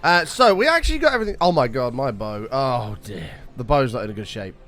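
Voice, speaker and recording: Lively chatty man streaming games. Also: mid-range voice, fairly quick, soft background music. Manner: chatty, greets viewers by name, excitable bursts. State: slightly rough voice. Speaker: live streamer. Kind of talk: casual gaming stream chat.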